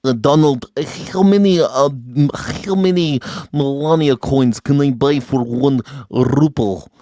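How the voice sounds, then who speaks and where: A man doing a halting, pleading impression of a leader. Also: mid-range voice, warm tone, dry recording, clean studio sound, natural voice. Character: mock Russian leader pleading to buy coin.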